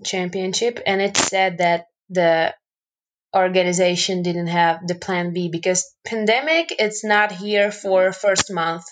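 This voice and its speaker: A young woman guest on a podcast, telling stories in casual chat and speaking English as a second language. She talks in an animated way, full of fillers and restarts, and laughs often. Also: mid-range voice, rough recording. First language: not English. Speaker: podcast guest, hockey player.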